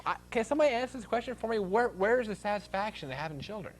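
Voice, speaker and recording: A man's voice: sits high, animated, racing, crowd noise. A man hosting a talk show, ranting comically and bursting into shrieks and laughter. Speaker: host.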